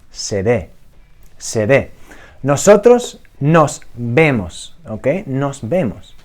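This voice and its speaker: A man teaching a beginner Spanish lesson to camera, checking in often with "okay?" and slowing down to model each Spanish form. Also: fairly high pitch, darkish tone. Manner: encouraging, checks in with frequent "okay?". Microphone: talking to camera.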